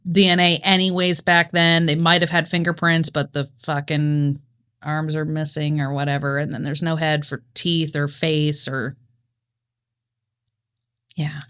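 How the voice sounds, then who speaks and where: This is a woman with a somewhat low voice chatting casually on a true-crime podcast. She riffs off her co-host with sarcastic jokes and swears freely. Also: little pitch movement, a little slow, a bit bright, clear, resonant tone.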